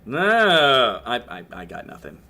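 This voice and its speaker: A man's voice: on the low side, moderate pace, a bit bright, slightly rough. A man with a strained voice giving livestream commentary on a game, scolding the little colonists on screen and swearing at them. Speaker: game streamer.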